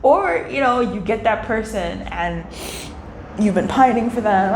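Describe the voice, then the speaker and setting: A young adult woman giving a casual tarot reading, chatty and animated, slipping into little quoted voices. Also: mid-range voice, measured pace, vocal fry. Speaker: tarot reader. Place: indoor room by a window. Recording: echoey room with faint ambient noise.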